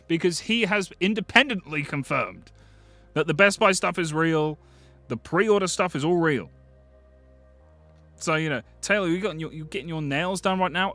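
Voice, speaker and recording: A British man hosting a live stream, chatting casually with viewers, excitable and swearing freely. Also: a little high. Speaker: livestream host.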